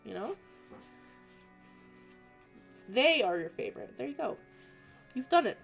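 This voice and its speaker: A woman's voice: fairly high pitch, big pitch swings, normal speed, creaky, long pauses, soft background music. A young woman hosting an art livestream, chatting casually and giggling as she reads viewer messages aloud. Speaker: art streamer reading viewer submissions.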